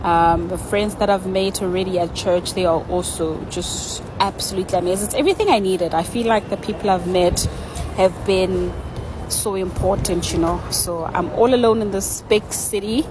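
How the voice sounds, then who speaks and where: A woman's voice: medium pitch, normal speed, background noise. A South African woman with a South African accent, chatting enthusiastically to camera in a casual vlog. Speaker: vlogger.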